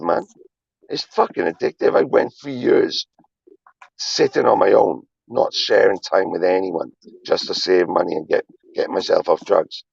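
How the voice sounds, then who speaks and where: The speaker is a man with a deep, gravelly, husky voice, livestreaming a rambling, emphatic confession full of swearing and repetition. The stream audio is dull and lo-fi, without echo.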